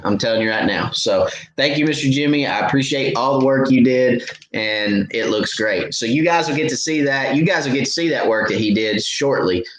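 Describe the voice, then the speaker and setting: A man's voice: medium pitch, fairly bright tone. A middle-aged man hosting a fishing live stream Q&A, chatting casually with lots of "uh" fillers. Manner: laid-back, chatty, frequent "uh" fillers. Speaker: fishing channel host. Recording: echoey room, faint background noise.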